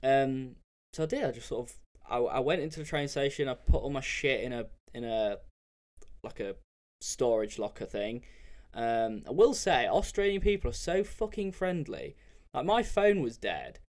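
A man's voice: medium pitch, expressive, normal speed, a little mellow. Rambling, sweary young man. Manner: rambling and candid, with frequent fillers and swearing. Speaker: podcast host. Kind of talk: casual solo storytelling.

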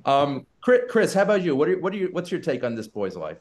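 A man hosting a casual film podcast. He talks with enthusiasm, recommends movies and fills his pauses with "uh". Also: a little high, very animated, slight background noise.

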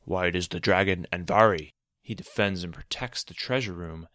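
A man reads out a cunning male schemer from a storybook, with cool, demanding lines and a quiet threat under them. The voice is pushed and forceful, sitting a little above the reader's deep natural pitch. It is close and dry, with no room sound at all. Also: moderate pace, dry recording. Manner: cool, demanding, faintly menacing. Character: scheming, commanding adult male official. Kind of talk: storybook narration.

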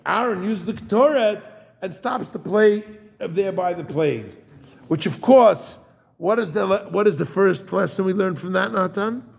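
Rabbi guy with a high-ish raspy voice, loose joking torah talk, keeps asking the room stuff. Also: animated, normal speed. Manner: jokey, digressive, asks listeners questions.

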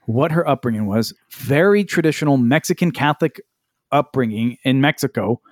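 A man's voice: mid-range voice, animated, moderate pace, dry recording, studio quality. A man co-hosting a podcast, chatting casually and telling stories with acted-out quotes and casual swearing. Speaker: podcast co-host. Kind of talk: casual chat, storytelling.

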